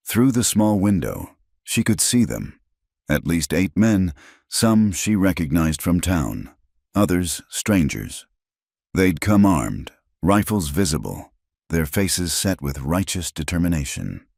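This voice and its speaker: A man with an extremely deep voice narrates a Western story in a measured, dramatic way. His pitch moves a lot. The recording is dry and close, with no room sound. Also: big pitch swings, creaky, a little mellow, breathy edge, dry recording.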